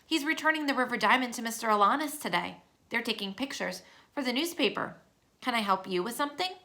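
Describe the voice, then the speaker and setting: Storybook museum guide, calm and polite, in a woman reader's own bright voice. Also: a little high, fast. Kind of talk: storybook read-aloud.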